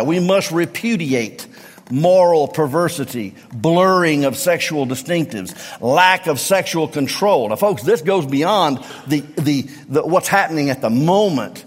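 A middle-aged man with a Southern US accent preaching a sermon, emphatic, repeating refrains and swinging from low tones to near-shouts. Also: animated, measured pace. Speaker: pastor. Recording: long reverb of a large hall.

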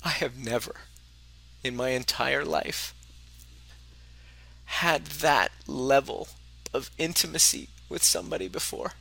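A man's voice: medium pitch, animated, measured pace, gravelly, long pauses, pushed and bright, breathy edge, rough recording. A man coaching a live group on relationships, speaking emphatically and bluntly, swearing freely and repeating phrases for emphasis. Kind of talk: motivational talk to a live group.

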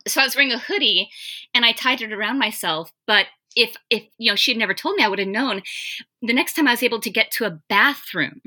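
A woman's voice: on the high side, quick pace, bright, forceful tone. A woman, candidly telling a wry story in a casual podcast chat. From US South.

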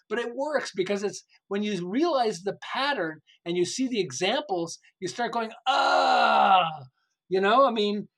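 A man's voice: high voice, poor audio. An older man, author and podcast guest, telling stories with energy, laughing often and acting out what people said. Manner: animated, laughs often, acts out quotes. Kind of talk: enthusiastic storytelling interview.

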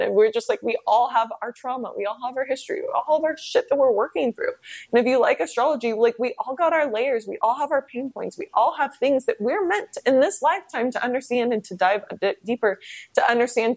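Young woman host, casual confessional monologue, a bit of fry in the voice, loose and chatty. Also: fairly high pitch. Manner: candid, rambling, frequent "like" fillers and swearing. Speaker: podcast host.

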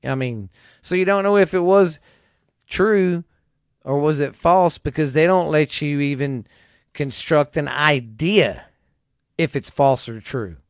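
A man's voice: a little high, measured pace, clean tone, no room sound, clean studio sound. Exasperated, profane man ranting. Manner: profane, exasperated, mocking voices of others. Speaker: vlogger. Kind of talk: angry political rant to camera.

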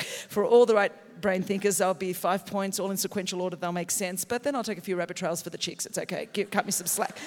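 An Australian woman preaching a sermon, telling stories with passion and breaking into shouts. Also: mid-range voice. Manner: passionate, storytelling, bursts into shouts. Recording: long hall reverb in a big venue.

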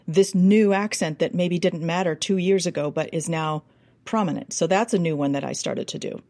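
Lower-pitched American woman explaining accents. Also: moderate pace, dry recording. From United States. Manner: animated, explanatory, demonstrates speech sounds. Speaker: accent and dialect coach. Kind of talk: interview guest explaining.

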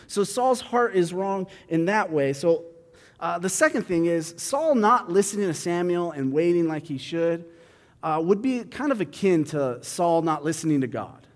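Guy with a pretty high voice explaining a bible story, casual, lots of "like" and restarts, echoey hall. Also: animated, moderate pace. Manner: conversational, thinks aloud with fillers and restarts. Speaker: Bible teacher. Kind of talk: reading scripture then explaining it casually. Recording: long hall reverb.

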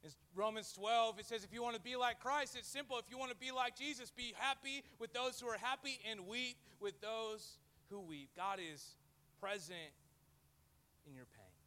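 A man preaching a sermon as pastor to a live church audience, lively and joking, acting out the voices he quotes. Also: extremely high pitch, normal speed, clear, resonant tone.

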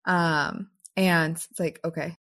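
A woman's voice: low voice, steady tone, slow pace, fairly bright tone. A woman co-hosting a podcast, chatting in an easygoing, agreeable way. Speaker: podcast co-host. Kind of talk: casual chat.

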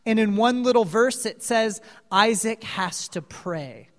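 Male preacher, animated storytelling, unhurried delivery, long hall reverb. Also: sits high. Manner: animated storyteller, asks the audience questions. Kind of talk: sermon retelling a Bible story.

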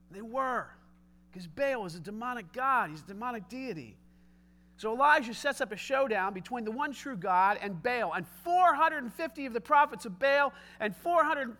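A man preaching a sermon, retelling a scripture story with lively, casual asides. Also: extremely high pitch.

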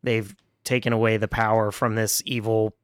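A man's voice: lowish voice, flat delivery, moderate pace, clean tone, no echo, clean studio sound. A man co-hosting a casual podcast, rambling through a film review, laughing often and swearing freely. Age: adult with children. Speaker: podcast co-host.

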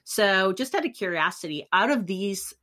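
A woman co-hosting a podcast, talking in an animated, reflective way. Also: mid-range voice, normal speed. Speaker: podcast co-host. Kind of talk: casual podcast chat.

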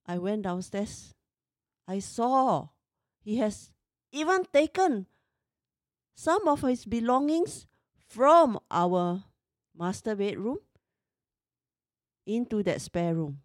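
A woman's voice: medium pitch, very animated, slow pace, pauses often, no room sound, clean studio sound. A woman in her fifties tells a personal story in an emotional, exasperated way. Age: 50s.

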